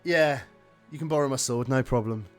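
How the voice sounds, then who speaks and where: A man's voice: medium pitch, a little fast, faint music behind, close to an everyday voice. A man voicing a tough, muscular woman with a British accent, brash and blunt, swearing and calling people mate. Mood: gruff.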